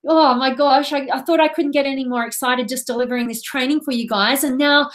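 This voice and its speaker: A woman life coach gushing over viewers by name during a live training, effusive and excited. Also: high-pitched, brisk. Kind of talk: live-stream chat reading viewer comments.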